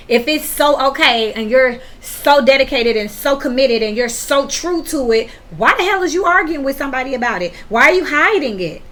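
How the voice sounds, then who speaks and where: Over faint background noise, a female tarot reader addresses the viewer in a high, bright, forceful voice. Her reading is casual, crude, and full of slang, growing heated and punctuated by abrupt laughter.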